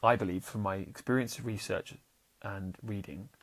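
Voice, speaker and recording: A man hosting a casual motivational podcast as a happiness coach. He talks earnestly and restarts often, swinging between loud bursts and soft, sincere stretches. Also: lowish voice, moderate pace, vocal fry. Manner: swears casually and addresses listeners as warriors.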